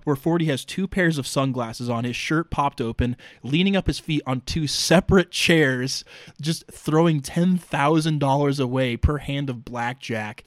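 A man hosting a comic book recap, animated and often laughing as he talks, recorded close and dry. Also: mid-range voice, no room sound. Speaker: host recapping a novel.

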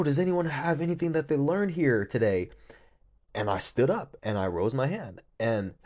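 A man from California telling a story casually, animated, laughing often and swearing freely. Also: lowish voice.

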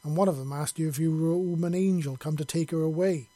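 A man's voice: a little high, fairly even intonation, quick pace, dark tone, no echo, natural voice. A man voicing a possessive, jealous alien who snarls and growls, in a storybook reading.

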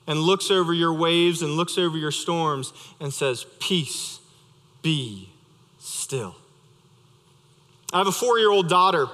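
Young guy preaching, high bright voice, chatty storytelling w/ jokes, big echoey church. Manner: conversational, storytelling with light humor. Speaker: pastor. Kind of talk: sermon. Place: church sanctuary. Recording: reverberant church hall.

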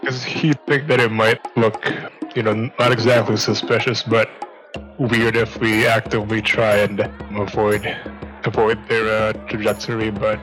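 A man playing a tabletop game who talks in a halting, hesitant way, with music behind. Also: lowish voice, flat delivery, poor audio. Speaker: player. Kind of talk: casual chat. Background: background music.

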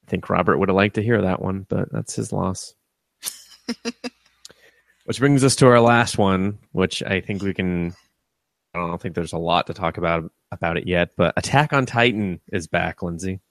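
Low-voiced man for casual podcast banter: profane, laughing, retells scenes with put-on quotes, dry close mic. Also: normal speed, vocal fry, no room sound. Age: adult with a young son. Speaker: podcast co-host. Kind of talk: casual anime review chat.

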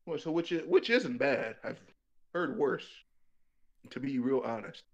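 A man's voice: mid-range voice, lively intonation, unhurried, muffled recording. A young man telling a rambling, profane comic story about his own life, laughing as he goes.

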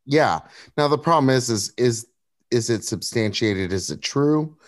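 A man's voice: mid-range voice, expressive, measured pace, no echo, clean studio sound. A man on a political talk podcast, talking in an outraged way and stumbling over his words.

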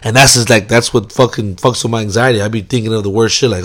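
A man's voice: fairly low pitch, fairly quick, a bit bright, slightly rough. A young man rambling in a casual vlog monologue, swearing constantly and mocking himself with loose filler-heavy talk. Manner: profane, self-mocking, rambling with many fillers. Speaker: vlogger.

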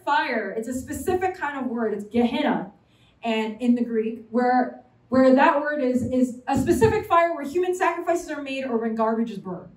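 A young woman from New York City preaches a sermon at a college fellowship in a bright, high voice. She's animated and chatty, joking with the audience, and the distant mic gives the recording the roomy echo of a hall.

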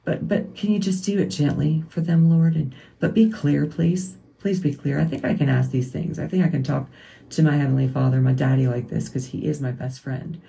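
A woman's voice: sits low, fairly even intonation, moderate pace, gravelly, warm tone. A woman, hosting a podcast as a rambling, self-correcting, emotional faith-based monologue. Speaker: podcast host.

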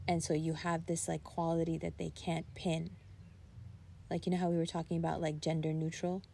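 Rambling young woman, low voice. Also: brisk, vocal fry, a little hiss or hum. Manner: rambling, animated storytelling with frequent "like" and bursts of laughter. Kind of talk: casual chat.

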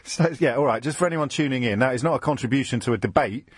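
Teasing radio host, husky voice. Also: male voice, medium pitch, no room sound, studio quality. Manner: quick, teasing, self-interrupting. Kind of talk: casual phone-in banter. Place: radio studio. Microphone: studio microphone.

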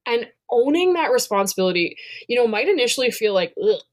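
A woman's voice: on the high side, sing-song, fast talker. A woman in her thirties, co-hosting a podcast in casual chat, speaking candidly and with lots of energy, swearing freely. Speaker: podcast co-host.

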